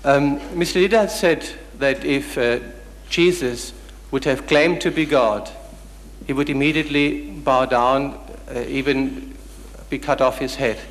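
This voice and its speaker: A man's voice: mid-range voice, a little slow. A man from the audience at a public lecture, polite but persistent as he presses the chair to let him ask a full question. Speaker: audience member asking a question. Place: large lecture hall. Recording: long hall reverb.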